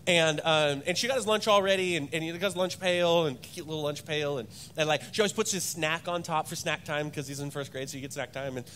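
High, bright-voiced pastor, rambling and animated. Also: male voice, brisk, few pauses, slight background noise. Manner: rambling, repeats words, animated storytelling. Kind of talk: sermon. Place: church stage.

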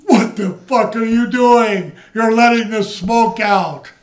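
A man imitating a foul-mouthed older male wrestler who shouts and curses in anger. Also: high voice, slow pace, pitched above the performer's own voice. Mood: furious. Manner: shouting, profane.

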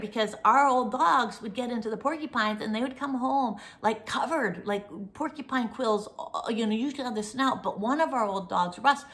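A woman's voice: a little high, moderate pace, few pauses, a bit bright. Middle-aged woman host, cozy rambling storyteller, slips into a whisper for suspense. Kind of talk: casual chat, storytelling.

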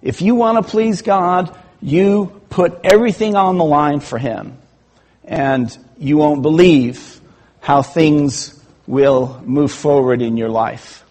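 A man preaching a sermon in a church, telling a story slowly and acting out the people in it. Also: a little high, a little mellow. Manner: storytelling with acted-out quotes, slow and measured.

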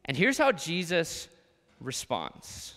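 Expressive male pastor in a hall. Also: fairly high pitch, slow. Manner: expressive, shifts between quiet and emphatic. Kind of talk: sermon. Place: church sanctuary.

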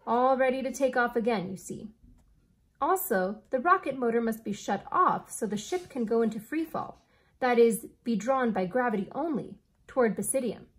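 A woman reading aloud as an eccentric male inventor who speaks in a formal, old-fashioned, deliberate way. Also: fairly high pitch, lively intonation, breathy edge.

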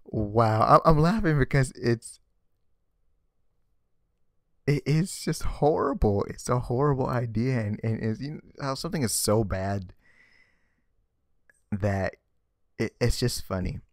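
A man's voice: mid-range voice, animated, unhurried, long pauses, dry recording, clean studio sound. A man ranting sarcastically in a casual vlog commentary, exasperated and often stammering and repeating words. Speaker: vlogger. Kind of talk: ranting comic book commentary.

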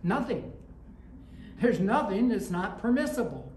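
A woman pastor preaches a sermon conversationally, sharing anecdotes and building rising emphasis. Her medium-pitched voice is sing-song, unhurried, and a little mellow. She's in an echoey room with faint ambience, and there's a little hiss or hum.

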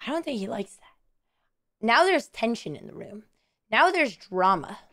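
A young woman streamer with a hoarse, strained voice, chatting casually and playfully cooing at a pet bird. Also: a little high, sing-song, a little slow, a bit bright. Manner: playful, coos and sing-songs at a pet bird. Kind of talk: casual live-stream chat.

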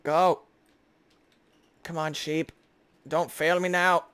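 A young man giving excitable, jokey gameplay commentary as host, chatting to the creatures on screen. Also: fairly high pitch, slow, clean tone, dry recording. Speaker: gaming video host.

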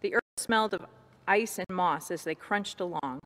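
A woman reading a children's picture book aloud in a church with brisk, plain storytelling. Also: lowish voice, a bit bright, long reverb tail. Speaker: story reader. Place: church hall.

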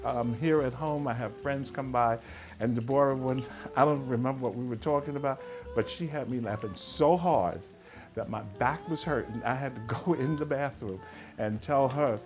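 A man's voice: mid-range voice, moderate pace, soft background music. Chatty, playful man hosting a cooking show. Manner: chatty and playful, hums and chuckles while cooking. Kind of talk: casual cooking demonstration.

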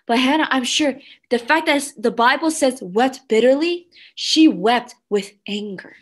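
Woman children's pastor, slow deliberate delivery, animated and engaging. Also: high voice. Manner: animated, engages kids with questions. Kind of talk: children's sermon.

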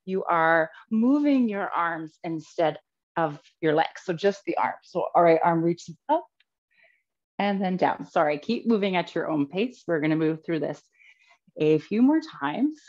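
Fairly low and darkish in tone, her voice is expressive and unhurried as she walks a live yoga class through each posture. She gets a bit winded and laughs off her mistakes. The recording has a slightly dull, lo-fi quality.

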